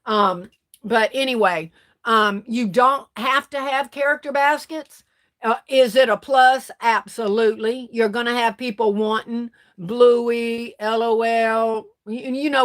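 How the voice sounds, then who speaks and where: A woman's voice: fairly high pitch, unhurried, a bit bright. A woman hosting a casual livestream, reading viewer comments aloud and chatting back at them. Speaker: livestream host.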